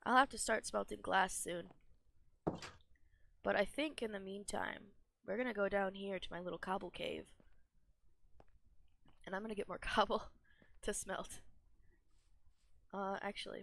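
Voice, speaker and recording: Gravelly young gamer rambling casually. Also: medium pitch, a bit bright, a little hiss or hum. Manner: rambling, self-deprecating, laughs often. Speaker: gaming streamer. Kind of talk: casual gameplay commentary.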